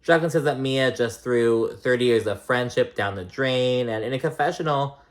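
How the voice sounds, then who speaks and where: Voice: mid-range voice, normal speed. A reality TV recap vlogger in casual commentary, rambling and swearing often, full of "like" and "um.".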